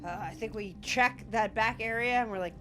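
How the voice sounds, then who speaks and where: A woman playing a tabletop game, dropping dry deadpan quips. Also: fairly high pitch, normal speed, music in the background. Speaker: player.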